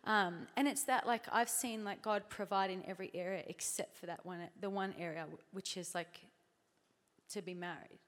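A woman's voice: medium pitch, fairly even intonation, moderate pace, a bit bright. Chatty Australian woman in a reverberant hall. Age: 30s. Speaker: conference speaker. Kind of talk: conversational church talk.

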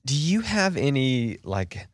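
Podcast host guy, low voice, bouncy intonation, dry studio sound, lots of likes. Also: takes it slowly, no echo. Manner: casual, filler-heavy, lively questioning. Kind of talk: conversational interview.

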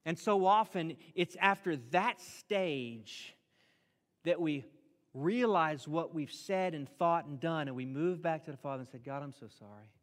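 Middle-aged male pastor, animated sermon delivery, slightly high voice, long hall reverb. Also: a little slow. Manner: animated preaching, acts out prayers in raised voice.

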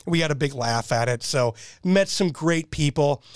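Guy telling war stories on a podcast, bit high voice, super dry sound, laughs at his own jokes. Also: moderate pace, clean tone, no echo. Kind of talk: casual storytelling chat.

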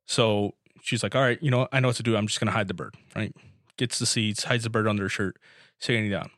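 A man's voice: on the low side, steady tone, quick pace, a bit bright, dry recording, clean studio sound. A young man in casual chat with friends, telling long rambling jokes and swearing freely. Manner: rambling joke-teller, swears a lot.

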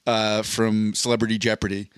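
A man's voice: fairly low pitch, level tone, normal speed, clear, resonant tone, no room sound, studio quality. A man co-hosting a podcast in casual comedic chat, joking playfully and slipping into silly voices. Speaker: podcast co-host.

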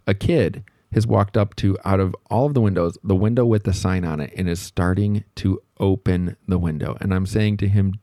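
A man with a very low voice tells a story from his own working life, looping back on himself and poking fun at himself. The sound is close and dry, with no room around it. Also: normal speed, hardly any pauses, mellow, dry recording. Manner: rambling, self-deprecating, reflective, many fillers. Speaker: podcast host telling a work story. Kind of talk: casual storytelling monologue.

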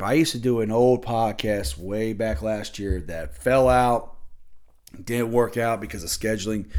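A man's voice: medium pitch, a little mellow. A man hosting his own podcast, talking casually and ranting bluntly with lots of swearing. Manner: loose and conversational with fillers. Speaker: podcast host. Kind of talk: casual solo podcast chat.

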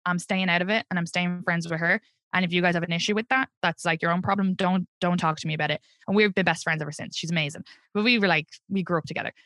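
A woman in her thirties with an Irish accent, talking frankly about her own life in an interview. Her voice sits a little low but sounds bright and sharp. She swears freely and animates her stories, recorded dry and close. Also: fast talker, no room sound. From Ireland. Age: 30s. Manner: blunt and profane, animated storytelling. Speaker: comedian guest. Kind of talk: candid interview conversation.

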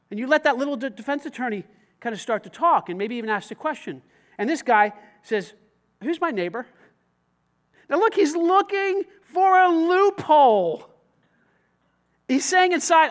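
A man delivers a sermon in a church, his voice pitched unusually high. He preaches in a lively, conversational way, dropping in casual slang as he talks to the congregation. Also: normal speed. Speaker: pastor.

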